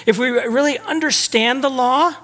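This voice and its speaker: A man's voice: very high-pitched, moderate pace, fairly bright tone. A man preaching a sermon in a church, talking conversationally and putting rhetorical questions to the congregation. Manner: acts out quoted speech with shifting tone. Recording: long hall reverb.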